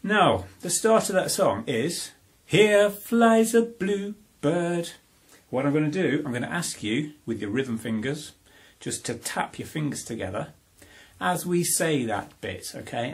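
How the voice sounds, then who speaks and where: A man giving a playful home music lesson to a young child, talking in a bright, encouraging, sing-song way. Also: mid-range voice, vocal fry, slightly rough. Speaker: parent teaching music to a child.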